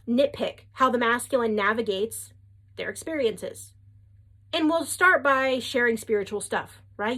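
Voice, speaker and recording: A woman casually giving spiritual relationship advice to her viewers, emphatic and chatty, often checking in with "right?". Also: a little high. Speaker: spiritual reader and coach.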